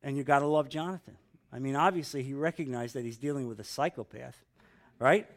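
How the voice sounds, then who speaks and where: A man's voice: medium pitch, fairly quick. A middle-aged man leading a Bible study, reading scripture aloud and breaking off into casual, humorous comments.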